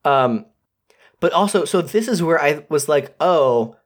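A man co-hosting a podcast in casual chat, relaxed, recapping a movie plot with wry asides. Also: a little high, a little slow. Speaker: podcast co-host.

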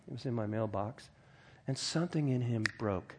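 A man's voice: mid-range voice, quick pace, background noise. A middle-aged man preaching a sermon as pastor, earnest and emphatic, often restarting and stumbling over words.

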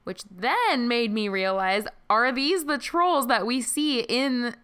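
A young woman in relaxed book chat, musing aloud and laughing along. Her voice is bright and clean, smooth and clear. It sits somewhat high. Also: slow. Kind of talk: casual book-club chat.

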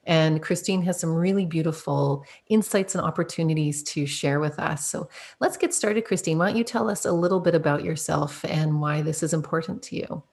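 A woman's voice: low voice, normal speed, darkish tone. A woman hosting a podcast, effusive and upbeat, introducing a guest and laughing often. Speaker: podcast host.

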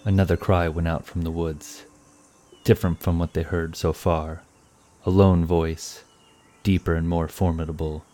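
A man narrating a fantasy story in a measured, scripted way. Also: sits low, little pitch movement, mellow.

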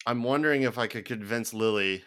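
A man hosting a podcast in casual chat, easygoing and chuckling, often pausing on fillers. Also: mid-range voice, a bit bright, clear, resonant tone. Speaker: podcast host.

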